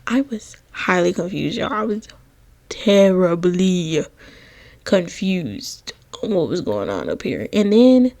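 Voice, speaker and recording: A woman's voice: on the low side, very animated, slow, darkish tone, no echo. A young woman giving casual gameplay voiceover commentary, sassy, slangy and dramatic, talking straight to her viewers. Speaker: gaming content creator. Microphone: close voiceover mic.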